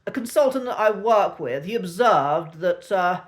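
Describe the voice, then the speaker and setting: A man with a traditional Received Pronunciation accent, teaching a spoken lesson with clipped vowels and an authoritative, measured manner. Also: high-pitched, expressive. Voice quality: clipped, cut-glass vowels. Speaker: accent coach.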